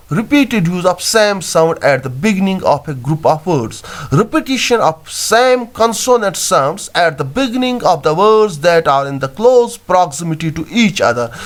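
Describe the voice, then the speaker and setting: Hesitant male poetry teacher. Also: high-pitched. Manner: halting, with frequent fillers and self-corrections. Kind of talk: classroom lecture on poetry.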